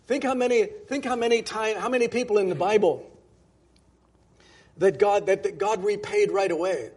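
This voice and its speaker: A pastor preaches to his congregation, a man with a fairly high voice. His tone is husky, and he talks in a loose, conversational way, often restarting phrases and stressing the scripture he quotes. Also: moderate pace, a little mellow. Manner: conversational, with many restarts and emphatic quoting. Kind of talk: sermon.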